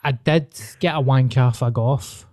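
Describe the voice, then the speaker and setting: A Scottish man in a relaxed conversation, answering with sympathy and quiet reflection. His voice sits at an ordinary pitch and he talks in a plain, easygoing way. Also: a little slow, dry recording, studio quality. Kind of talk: casual podcast chat.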